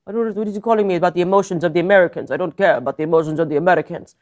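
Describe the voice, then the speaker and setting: A woman putting on a gruff Russian-accented leader. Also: high voice, rapid-fire, close to an everyday voice. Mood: dismissive. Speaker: impression in a comedic sketch.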